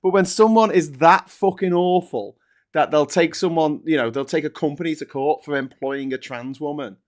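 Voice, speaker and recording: A man's voice: on the high side, normal speed. A man who is a guest on a live chat, speaking in an outspoken, sweary way. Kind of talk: casual political chat.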